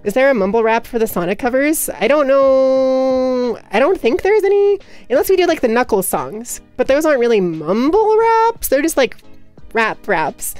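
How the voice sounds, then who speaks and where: A young woman livestreamer chatting casually with her viewers, talking rapidly and nonstop with hyperactive energy. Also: high voice, very animated, darkish tone, dry recording, soft background music. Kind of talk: casual chat with stream viewers.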